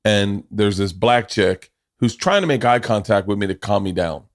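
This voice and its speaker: A man's voice: on the low side, normal speed. Joking man telling a story. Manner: loud, joking, acts out quotes. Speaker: podcast host. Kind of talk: casual storytelling chat.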